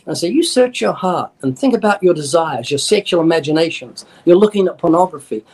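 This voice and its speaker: A man speaks as an evangelist in a radio interview. His voice sits a little high, and he explains with earnest, emphatic conviction. He quotes scripture and slips into short acted-out dialogues as he makes his points. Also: animated, fairly quick, a little mellow, husky. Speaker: evangelist guest.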